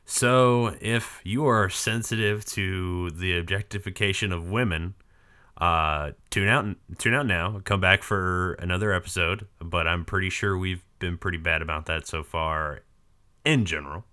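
Podcast host, male, hoarse and sick; low, bright, smooth voice with a crude, rambling humor. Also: unhurried. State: hoarse from a cold. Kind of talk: casual chat.

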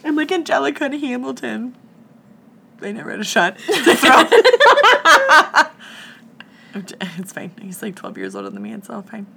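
A woman's voice: high voice, normal speed, creaky, long pauses, a little hiss or hum. A young woman co-hosting a podcast, retelling a movie in casual chat, giggling often and saying "like" a lot. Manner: giggly, animated retelling with lots of "like". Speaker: podcast co-host.

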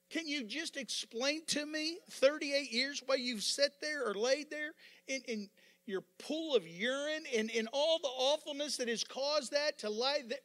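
A man over fifty preaching a sermon as pastor, fervent and repetitive, building up to yelling with joking asides. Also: very high voice.

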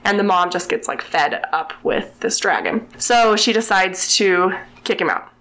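Young woman, podcast guest, gravelly fry at the ends of her lines, casual and chatty, sprinkles "like" as she retells a children's book. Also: medium pitch, a little slow, fairly bright tone. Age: young adult. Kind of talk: casual storytelling chat.

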